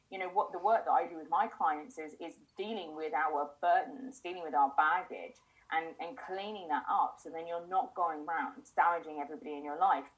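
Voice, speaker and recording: Woman therapist, low pitch, measured explanatory talk, frequent fillers, reflective interview host. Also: poor audio.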